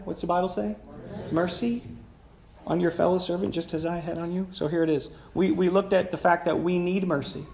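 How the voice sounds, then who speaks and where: A male pastor preaching in a roomy church, his voice a touch higher than most men's. He talks to the congregation in a loose, conversational way and keeps asking them questions. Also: steady tone, fast talker, creaky, warm tone. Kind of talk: sermon. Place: church sanctuary.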